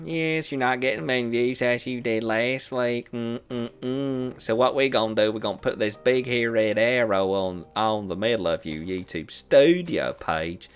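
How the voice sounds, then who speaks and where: Comic bit: man doing a smug Southern-drawling platform voice, higher than his own, scolding and condescending. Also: clear, resonant tone, close to an everyday voice. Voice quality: drawling, condescending, with humming pauses.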